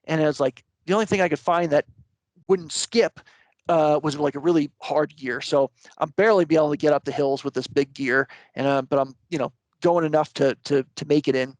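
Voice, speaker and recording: Higher-voiced man telling a story, dry sound. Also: a little fast, no room sound. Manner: rambling, many fillers and restarts. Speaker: interview guest. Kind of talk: casual storytelling.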